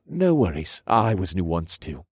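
A man voicing a courteous, brisk male servant in an audiobook. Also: low voice, big pitch swings, husky, no echo, studio quality, heavily acted. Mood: friendly. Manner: courteous, deferential. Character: polite young male head servant, kind and brisk. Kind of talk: audiobook character voice.

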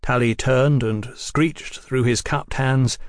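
A man narrating an audiobook in an expressive storytelling manner. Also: medium pitch, takes it slowly, dry recording, studio quality. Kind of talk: scripted narration.

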